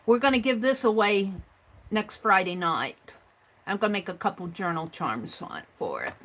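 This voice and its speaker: A middle-aged woman's medium-pitched voice is very animated and a bit bright as she shows her crafts on a livestream at a normal speed. She rambles casually and reads viewer comments aloud, over a low-quality recording with a little hiss or hum.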